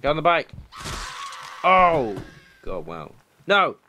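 A young man doing let's play commentary, excitable and swearing, shouting at the game. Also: fairly high pitch, takes it slowly, highs cut off, a little hiss or hum. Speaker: gaming commentator.

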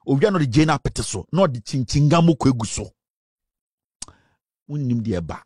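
A man's voice: medium pitch, animated, a little fast, a little mellow, husky, dry recording, clean studio sound. Scornful Ghanaian man ranting. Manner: scornful, insulting, mocking laughter. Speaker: political commentator. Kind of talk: commentary rant.

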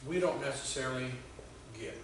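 A male pastor giving a conversational sermon, telling stories with halting restarts. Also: medium pitch, slight background noise. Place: church sanctuary. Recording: very echoey church hall from far off.

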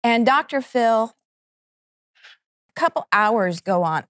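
A middle-aged network co-founder gives a fervent, earnest personal testimony in a television studio, halting and restarting as she acts out her prayers. Her fairly high voice is animated, slow and a bit bright, with clean studio sound and no room sound.

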